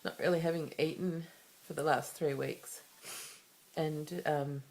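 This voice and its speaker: An Australian woman speaks into the camera in a low voice, sharing personal matters in a confessional vlog. She rambles candidly and often restarts her sentences, circling back with asides as she goes. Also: fairly even intonation, a little slow, darkish tone. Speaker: vlogger.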